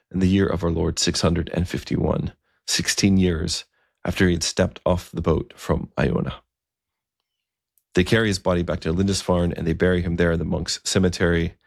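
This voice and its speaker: A man tells a historical story in a conversational, unhurried manner, pausing now and then on fillers. His voice is very low and gravelly, close and dry, with no room sound around it. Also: dry recording.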